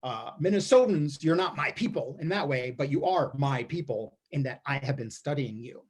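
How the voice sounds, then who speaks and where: Wry husky-voiced man telling stories. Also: medium pitch, animated, moderate pace. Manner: wry, observational, frequent restarts. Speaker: storyteller performer. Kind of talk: comic storytelling monologue. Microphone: streamed performance mic.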